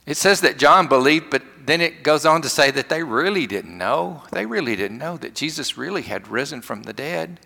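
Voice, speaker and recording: Southern US male pastor, emphatic storyteller, bright tone, long church reverb. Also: on the high side, expressive, moderate pace, vocal fry, hardly any pauses. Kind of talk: sermon.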